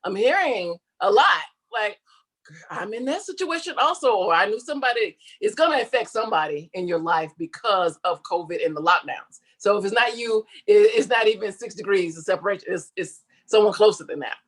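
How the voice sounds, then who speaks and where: A woman guest chatting in a casual interview, animated, laughing often and slipping into quoted voices. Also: mid-range voice, brisk, few pauses. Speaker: interview guest, comedian and online creator.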